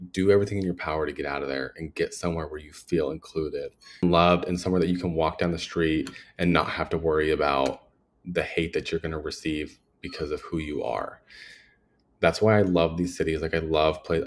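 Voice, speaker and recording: A young man hosting a podcast, talking earnestly in a personal monologue, rambling with lots of fillers. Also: very deep voice. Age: young adult. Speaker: podcast host.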